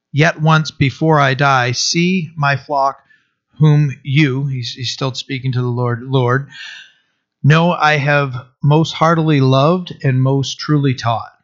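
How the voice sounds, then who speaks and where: A man reading a historical account aloud in an earnest, halting way, often stopping to restart or correct himself. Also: mid-range voice, fairly even intonation, fairly bright tone, dull audio. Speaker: reader.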